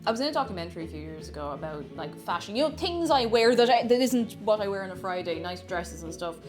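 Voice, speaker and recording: Soft music plays behind a young Irish woman streaming from home, her medium-pitched voice fast and full of lively intonation. She chats easily, reads out viewer comments, and keeps giggling and going off on tangents.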